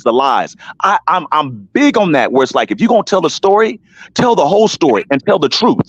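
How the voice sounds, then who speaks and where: A man's voice: a little high, no room sound. A man talking on an online panel show, telling a long story with emphasis, restarts and repeated names. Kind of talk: casual live-stream panel talk. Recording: dull lo-fi sound, dry.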